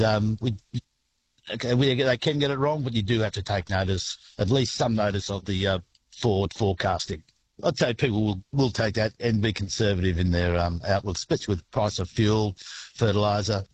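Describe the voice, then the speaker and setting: An Australian farmer speaks in a lowish voice, relaxed and unhurried. He stops and restarts his sentences often while answering interview questions. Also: husky, no echo, low-quality recording. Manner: relaxed, halting, many restarts. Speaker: grain farmer. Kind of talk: radio interview.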